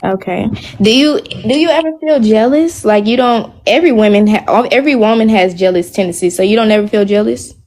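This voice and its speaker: A woman's voice: medium pitch, a little fast, darkish tone. A young woman from Florida, calling in to a livestream, blunt and teasing. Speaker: caller. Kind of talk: casual call-in chat.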